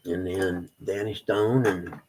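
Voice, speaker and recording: A man's voice: low voice, steady tone, slow, darkish tone, slight background noise, rough recording. A man chatting casually on an early-morning livestream from home, rambling along. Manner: rambling, drawling, talks to his pets. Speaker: live streamer. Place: home, indoors.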